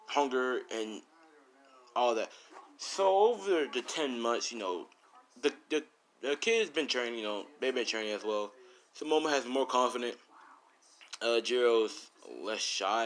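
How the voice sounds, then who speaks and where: A man's voice: mid-range voice, a bit bright. Rambling casual male storyteller. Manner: rambling, casual, full of fillers. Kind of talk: improvised fan story narration.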